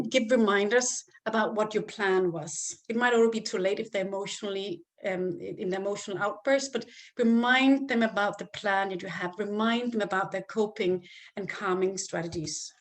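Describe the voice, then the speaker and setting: A woman giving calm, step-by-step parenting advice as a coach, sometimes acting out what to say to a child. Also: mid-range voice. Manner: calm, explains step by step and acts out example phrases to a child.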